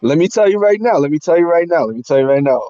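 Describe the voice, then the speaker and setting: A man's voice: fairly high pitch, animated, racing, dark tone, dry recording, muffled recording. A man on a podcast talking casually and emphatically, repeating phrases for punch. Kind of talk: casual chat.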